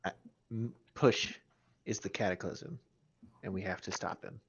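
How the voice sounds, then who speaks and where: A man running a tabletop game as game master, talking slowly and deliberately. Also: on the low side, muffled recording, slight background noise. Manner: slow, deliberate, gravelly.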